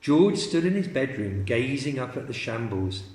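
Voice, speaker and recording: A man teacher reading a children's story aloud in a slow, expressive storytelling manner. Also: medium pitch, roomy sound.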